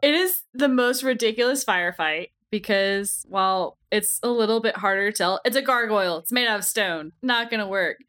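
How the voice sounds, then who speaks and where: A woman's voice: mid-range voice, normal speed, few pauses, fairly bright tone. A woman co-hosting a podcast, chatting playfully with emphatic asides and giggles. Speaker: podcast co-host. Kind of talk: casual chat reviewing a TV serial.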